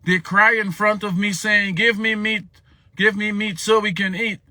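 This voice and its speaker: An exasperated prophet pleading with God in a pitched-up, strained voice, put on by a man reading scripture aloud. He repeats his complaints and says "man" again and again. The sound is sharp and dry. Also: little pitch movement, moderate pace, dry recording.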